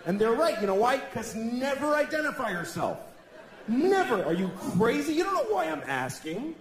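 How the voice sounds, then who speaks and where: A man's voice: very high-pitched, sing-song, moderate pace, background noise. Wry man doing stand-up in an echoey theater. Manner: wry, reasoning, talks with the audience. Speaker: stand-up comedian. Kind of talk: stand-up comedy. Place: large theater. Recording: echoey live theater with crowd.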